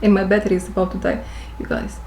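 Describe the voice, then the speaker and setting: Woman giving a slow spiritual reading, echoey room. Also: mid-range voice, flat delivery, a little mellow, a little hiss or hum. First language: not English. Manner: slow, repeats phrases, searches for words. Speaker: intuitive reader.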